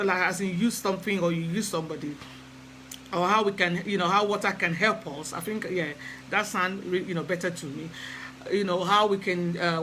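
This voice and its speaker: A man's voice: high voice, bright, forceful tone, a little hiss or hum, poor audio. A man hosting a casual live stream, chatting hesitantly with many fillers and greeting viewers by name. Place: lives in England.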